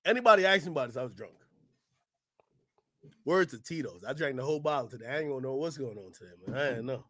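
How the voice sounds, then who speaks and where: A man ranting loudly and profanely to his chat during a live stream reaction. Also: mid-range voice, lively intonation, fast, dry recording. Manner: loud, profane ranting, often shouting; talks to his chat and laughs between bits.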